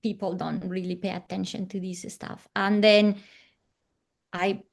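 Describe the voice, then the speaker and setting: A woman of middle pitch tells a personal story as an interview guest. She speaks softly and reflectively, often sinking into a near hush at the ends of her thoughts. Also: flat delivery, measured pace, gravelly.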